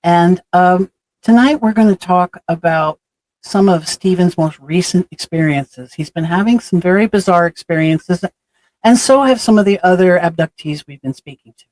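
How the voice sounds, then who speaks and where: A middle-aged woman hosting a show, speaking in a steady, scripted way. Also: on the low side, moderate pace, no room sound. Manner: dramatic scripted teaser, then friendly welcome. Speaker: show host. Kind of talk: podcast hosting.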